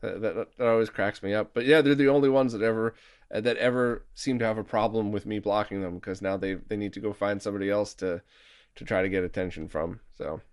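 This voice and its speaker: A man's voice: fairly low pitch, steady tone, fairly quick, clean tone. A man hosting a podcast, chatting casually and self-deprecatingly and laughing easily. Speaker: podcast host. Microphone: remote recording mic.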